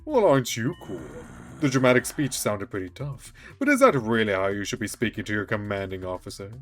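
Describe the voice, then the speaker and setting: A man streaming a visual novel, reading every character's lines aloud and breaking off into excited asides. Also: on the low side, fairly quick. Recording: faint music behind.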